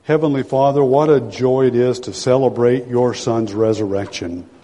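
A man in his sixties preaching a sermon as pastor, dramatic, swinging from loud pleading to hushed low tones. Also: fairly even intonation, normal speed. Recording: long hall reverb.

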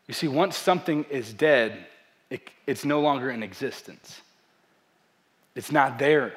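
A young man, a pastor, preaching a sermon with animated storytelling and self-deprecating humor. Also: mid-range voice, measured pace.

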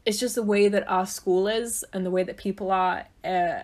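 A woman's voice: mid-range voice, fairly even intonation, normal speed, darkish tone. A woman as podcast co-host, introducing the day's topic in a thoughtful, reflective way. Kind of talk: casual chat.

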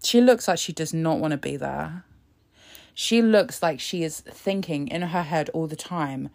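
Low-voiced sarcastic British woman. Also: unhurried, vocal fry, a little mellow. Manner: chatty, sarcastic, laughs often. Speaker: vlogger. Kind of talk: casual reaction commentary.

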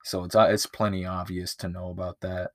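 A man's voice: deep voice, flat delivery, a little fast, no echo, studio quality. Rambling, swearing guy reviewing a movie. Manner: rambling, profane, loses his place. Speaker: podcast host. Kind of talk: casual movie review chat.

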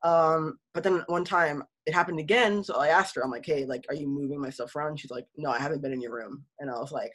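A woman's voice: sits low, husky. A woman in casual chat telling a spooky childhood story, laughing often and acting out the people she quotes. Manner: fast, laughing, acts out quoted voices.

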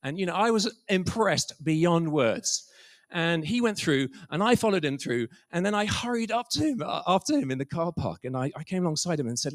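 A middle-aged preacher with a fairly high male voice. He tells stories in a relaxed sermon style, with quiet asides along the way. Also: moderate pace. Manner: storytelling, quiet asides and soft whispered quotes.

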